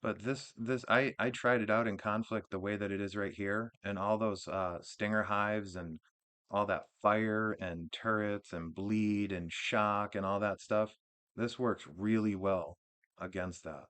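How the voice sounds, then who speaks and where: Low-pitched guy chatting loosely about his game build, lots of restarts. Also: measured pace. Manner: relaxed, rambling, with frequent restarts and fillers. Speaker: gaming channel host. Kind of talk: casual game build walkthrough.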